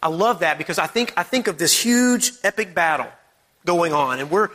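A man's voice: on the high side, expressive, moderate pace, fairly bright tone, big-room sound. A man preaching a sermon, emphatic and repetitive, who fires off strings of rhetorical questions.

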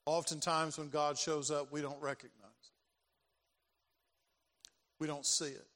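Older guy preaching, kinda high voice, lots of repeating, big echoey church hall. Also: little pitch movement, unhurried, a bit bright. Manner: dramatic preaching, repeats phrases. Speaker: pastor. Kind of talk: sermon. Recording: long reverb of a large hall.

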